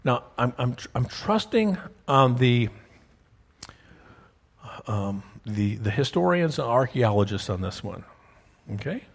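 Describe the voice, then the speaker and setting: Pastor, male, husky voice, storytelling sermon, keeps checking in with the congregation. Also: mid-range voice, big pitch swings, a little slow, long pauses. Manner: storytelling, checks in with listeners often. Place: church sanctuary. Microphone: wears a clip-on mic.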